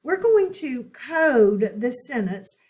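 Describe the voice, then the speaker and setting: A woman teaching phonics at a slow, unhurried pace. Her voice sits a little high, and she explains each step patiently. She stops often to check that the listener is keeping up. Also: very animated, a little mellow, roomy sound. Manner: patient, step-by-step instruction with frequent "okay?" check-ins. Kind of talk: online phonics lesson.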